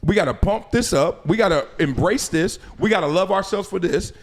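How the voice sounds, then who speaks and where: A man hosting a podcast, talking in a casual, animated way and swearing freely. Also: high voice, brisk. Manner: animated, swears freely, acts out voices of others. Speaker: podcast host. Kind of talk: casual chat.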